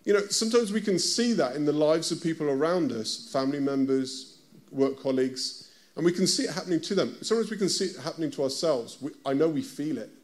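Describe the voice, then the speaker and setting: A man's voice: on the high side, animated, quick pace, a little mellow. A man with a British accent preaching a conversational sermon, often stopping to ask his listeners direct questions. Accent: British English.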